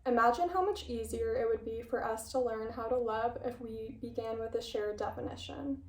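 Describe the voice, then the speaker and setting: A young woman talks her way through a casual video essay, with playful asides and a slightly breathless delivery. Her voice sits a little high. She sounds set back from the mic in a room with a noticeable echo. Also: normal speed, darkish tone, recorded from a distance. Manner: chatty, self-interrupting, playful asides. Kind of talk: casual video essay with read-aloud passages. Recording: echoey room, voice a bit off-mic.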